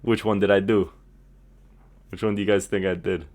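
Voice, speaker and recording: Young man, podcast host, casual chat, laughing storyteller, animated. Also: lowish voice, normal speed. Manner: animated storyteller, laughs often, acts out voices in quotes.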